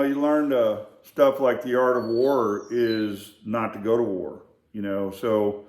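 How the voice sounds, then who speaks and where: An older man casually telling family stories, in a rambling, halting way with many fillers and restarts. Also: mid-range voice. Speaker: storyteller. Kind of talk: casual storytelling. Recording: echoey room.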